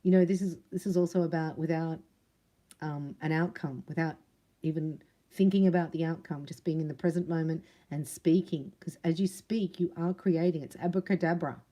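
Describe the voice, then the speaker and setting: A psychic card reader with a lowish, dark-toned voice gives a casual spiritual reading. She's chatty and emphatic, acting out little dialogues as she goes.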